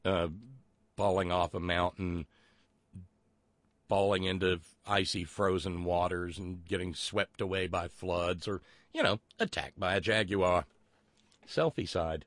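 A man's voice: sits low, unhurried, fairly bright tone, no room sound. A man hosting a live talk show, reading listener messages aloud in a rambling, sardonic way with plenty of fillers. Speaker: show host.

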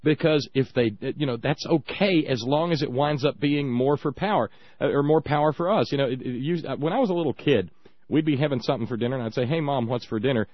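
A man hosting a talk radio show, speaking in a halting, conversational way and often repeating his words. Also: medium pitch, no echo, lo-fi sound. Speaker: radio host.

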